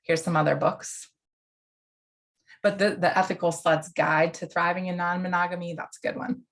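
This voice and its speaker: A woman's voice: fairly low pitch, little pitch movement, normal speed. A woman counselor educator giving an online lecture in a casual, conversational way, with fillers and asides.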